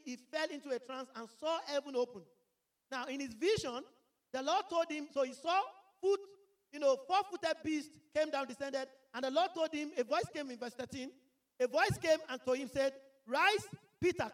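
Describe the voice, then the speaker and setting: A preacher with a high-pitched voice gives an animated sermon, reading scripture aloud and pausing to call out to her listeners to make sure they're following.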